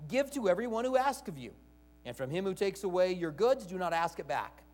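A man's voice: high-pitched, very animated, brisk, darkish tone, long reverb tail. A male pastor preaching a sermon in a conversational way, reading scripture aloud and asking the congregation rhetorical questions.

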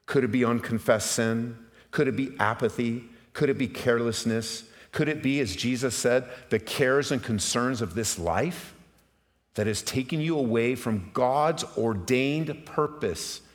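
A man's voice: mid-range voice, unhurried. Impassioned middle-aged male preacher, reverberant hall. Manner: impassioned preaching, swinging from hushed to loud emphatic peaks; direct address to the congregation with rhetorical questions. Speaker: pastor. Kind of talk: sermon. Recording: long reverb of a large hall.

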